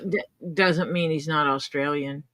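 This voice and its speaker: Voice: medium pitch, fairly even intonation, unhurried, a bit bright, no room sound. A co-host on a casual livestream podcast, talking in blunt, dry asides.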